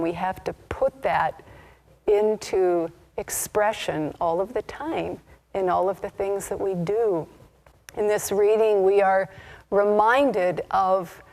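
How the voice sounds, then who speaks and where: Woman minister, sermon, slow and deliberate storyteller. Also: mid-range voice, fairly even intonation, darkish tone. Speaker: minister leading a Sunday service. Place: spiritual community service.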